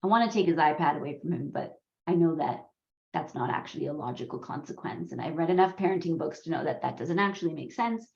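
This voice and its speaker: A woman with a low voice and vocal fry talks quickly as she leads a coparenting course, telling the class a story about her sons. She's animated, acting out her kids' voices and laughing, and the recording sounds roomy, dull, and lo-fi.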